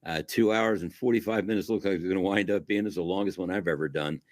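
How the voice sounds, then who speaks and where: Deep-voiced male host, folksy and gushing, closes like a preacher. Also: fast, dry recording, studio quality. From Italian-American. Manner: folksy, effusive, preacherly sign-off. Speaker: show host. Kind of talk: casual interview wrap-up.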